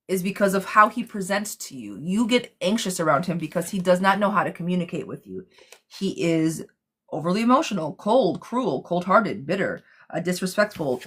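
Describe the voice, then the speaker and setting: A woman with a fairly low voice giving a casual live tarot reading to her viewers. She is blunt and excitable, calling people pet names and swearing freely as she lays out the cards.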